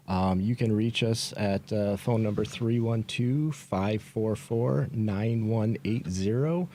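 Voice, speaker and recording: A man's voice: fairly low pitch, a little mellow. A man with a Chicago accent, a home inspector talking casually and laughing easily. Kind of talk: casual chat.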